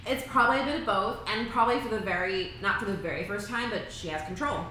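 A woman co-hosting a podcast in casual book talk, blunt and expressive, swearing freely. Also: medium pitch, fast, faint music behind. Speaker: podcast co-host. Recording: very echoey room.

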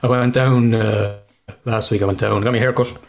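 A man's voice: fairly low pitch, fairly even intonation, moderate pace, creaky. A man co-hosting a podcast, telling funny stories with plenty of swearing and laughter. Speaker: podcast co-host. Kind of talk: casual podcast chat.

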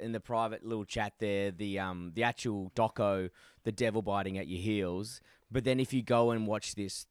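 A man's voice: lowish voice, clean tone, no room sound, studio quality. A man co-hosting a podcast over a video call, telling rambling stories in casual chat and swearing freely. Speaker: podcast co-host. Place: attic in a house.

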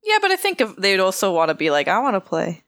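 A woman co-hosting a casual podcast chat, playful and giggly, often breaking into high shrieking laughs. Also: huge pitch swings, fast, a bit bright, no echo. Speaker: podcast co-host.

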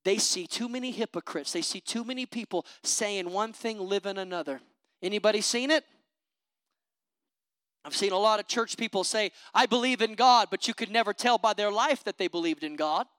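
A preacher delivering an impassioned sermon, calling out for amens and swinging between loud declarations and low conversational asides. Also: normal speed, no room sound.

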